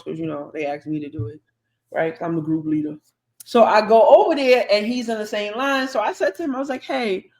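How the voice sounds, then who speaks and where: A podcast co-host telling a long, chatty anecdote in casual conversation, acting out the dialogue along the way. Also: mid-range voice. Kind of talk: casual storytelling.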